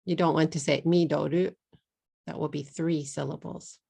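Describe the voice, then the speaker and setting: Texan woman, English teacher, low gravelly voice, slow careful drilling of words. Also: fairly even intonation, a little mellow. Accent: Texas. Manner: slow, drawn-out model words, repeated for learners. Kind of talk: pronunciation lesson.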